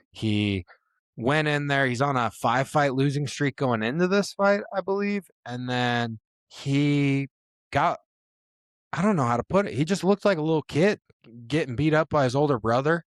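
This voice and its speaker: A man's voice: mid-range voice, no echo. Casual young male sports podcaster, dry mic. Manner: animated storytelling with swearing and laughter. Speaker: podcast co-host.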